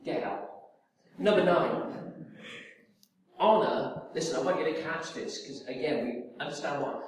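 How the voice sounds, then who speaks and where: Male pastor, high voice, far from mic, roomy church echo, animated sermon storytelling. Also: measured pace, slight background noise. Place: church hall. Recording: echoey hall from far off.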